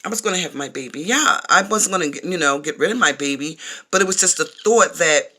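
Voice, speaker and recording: A woman's voice: low-pitched, lively intonation, brisk, sharp tone. A woman telling her own story to her viewers in a casual vlog, blunt and emphatic, swearing freely. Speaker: vlogger.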